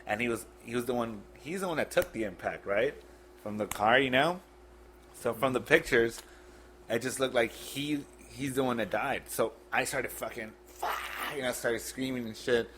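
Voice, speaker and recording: A man on a podcast, retelling a painful memory in a blunt, halting, profane way. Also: medium pitch, fairly bright tone, a little hiss or hum. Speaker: podcast guest. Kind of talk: casual storytelling.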